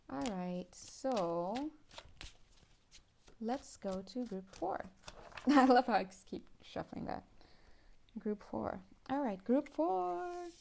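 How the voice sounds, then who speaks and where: A woman's voice: medium pitch, creaky, darkish tone, a little hiss or hum. A woman giving a pick-a-card tarot reading, chatty and playful, laughing often and sounding a little tired. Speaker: tarot reader.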